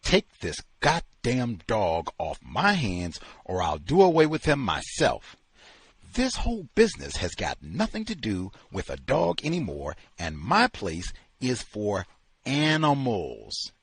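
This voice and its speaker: A man reading as a ranting gruff kennel owner. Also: on the low side, huge pitch swings, slow pace, dry recording, heavily acted. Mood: angry. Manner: shouting, ranting. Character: furious gruff male kennel owner, misanthropic.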